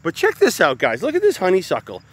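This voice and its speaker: A man's voice: high voice, wildly swooping pitch, fast, slightly rough. A man giving a casual, chatty walk-through of his garden outdoors, often calling the viewers guys. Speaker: gardening vlogger.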